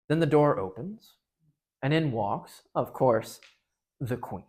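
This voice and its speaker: A speaker at a parish gathering retelling a story to a group in a casual, animated way. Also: medium pitch, slow pace, long pauses, husky.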